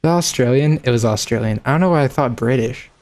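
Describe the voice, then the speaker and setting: A man's voice: medium pitch, fast, darkish tone. A young man streaming, chatting casually and laughing as he reacts to videos, with casual swearing.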